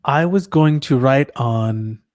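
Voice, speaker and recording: A man's voice: medium pitch, slow, a little mellow, no room sound, studio quality. A man co-hosting a live show in casual, playful banter, joking and laughing often. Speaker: co-host.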